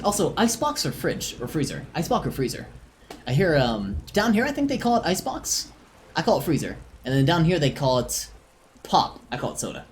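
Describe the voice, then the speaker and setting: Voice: mid-range voice, wildly swooping pitch, a little fast, a little hiss or hum. A giggly, chatty streamer with a tiring voice. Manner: chatty, giggly, self-deprecating. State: voice strained and tiring. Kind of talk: casual live-stream chat.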